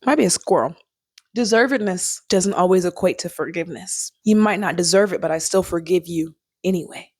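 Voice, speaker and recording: A young woman talks through a film review in a loose, chatty way, laughing often and bursting into bits of song. Her voice sits on the low side for a woman. The sound is dry and close. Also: brisk, breathy edge, no echo. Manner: chatty, animated, laughs often, sings snippets. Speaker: vlogger. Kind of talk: casual chat, movie review.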